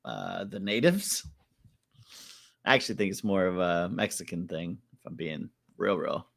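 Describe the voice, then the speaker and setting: A man's voice: low voice, vocal fry. A young man co-hosting a casual podcast chat, joking and swearing freely. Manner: animated, joking, profane, quick bursts of laughter. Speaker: podcast co-host.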